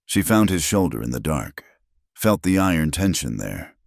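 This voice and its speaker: Very deep-voiced male story narrator. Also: animated, moderate pace, gravelly, no room sound, clean studio sound.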